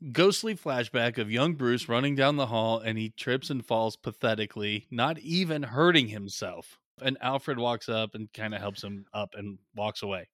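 A man co-hosting a podcast, making quick jokes and laughing often in casual chat. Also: medium pitch, a bit bright, dry recording, clean studio sound. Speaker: podcast co-host. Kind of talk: casual movie-recap chat.

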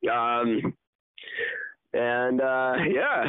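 A man's voice: medium pitch, animated, extremely slow, clear, resonant tone, no echo. A man co-hosting a podcast in loose, rambling chat, laughing as he goes. His voice rises and falls a lot. The sound is thin and phone-like, with no room around it. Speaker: podcast co-host. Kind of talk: casual chat.

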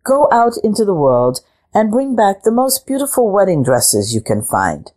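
A woman's voice: mid-range voice, very animated, normal speed, a little mellow, voice pushed up, natural voice. Woman reading a firm old farmer father.

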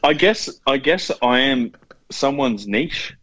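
Lively teasing man. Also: medium pitch, takes it slowly. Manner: teasing, swears freely. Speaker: podcast co-host. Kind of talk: casual crude podcast banter.

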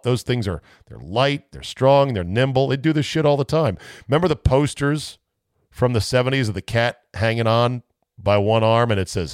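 Animated male sports talk host, dry sound. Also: unhurried, clean tone, no room sound. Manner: chatty, self-mocking, swings into high playful voices. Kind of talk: casual podcast monologue.

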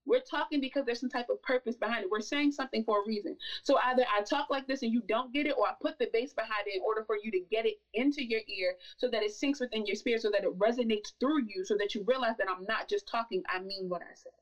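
A woman with a fairly high voice speaks with conviction, pressing her points harder and harder. She sits a little away from the microphone, so her voice carries some distance. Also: fast talker, few pauses, highs cut off. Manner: emphatic, building to forceful insistence. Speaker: podcast guest. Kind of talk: impassioned conversational talk.

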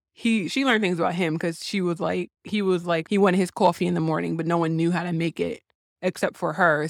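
A woman talking casually about a film, thinking out loud with lots of restarts and hedging. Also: fairly low pitch, creaky, dry recording, clean studio sound. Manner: thoughtful, rambling, many restarts.

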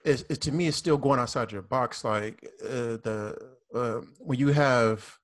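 A man's voice: mid-range voice, unhurried. A man with a Southern US accent, a police officer speaking earnestly and with repetition as a guest in a casual panel discussion.

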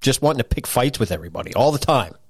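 A man co-hosting a podcast, his pitch jumping around as he talks. He swears freely and laughs easily in loose, casual banter. The sound is dry and close. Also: racing, dry recording. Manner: profane, laughing, animated. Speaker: podcast co-host. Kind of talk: casual chat.

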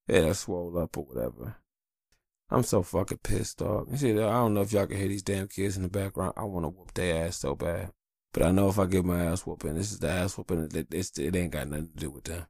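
A man's voice: deep voice, brisk, gravelly, darkish tone, no echo, clean studio sound. A man hosting a solo podcast, talking casually in a rambling, profane, blunt way about his family and life. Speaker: podcast host.

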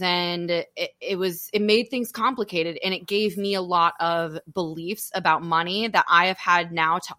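A young woman hosting a podcast, talking candidly and telling stories with an open, animated manner. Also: fairly low pitch, dry recording, clean studio sound. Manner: open, animated storytelling with frequent laughter. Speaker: podcast host. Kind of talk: candid casual podcast chat.

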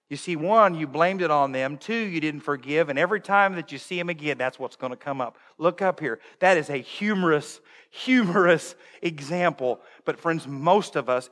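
Lively high-voiced male preacher. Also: long reverb tail. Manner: animated, humorous, acts out voices. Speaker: pastor. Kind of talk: sermon.

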